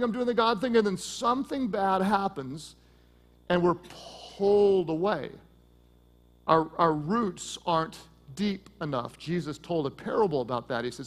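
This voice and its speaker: A man preaching a sermon as pastor, swinging from loud emphasis to hushed intensity and telling stories with quick asides. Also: high-pitched, big-room sound.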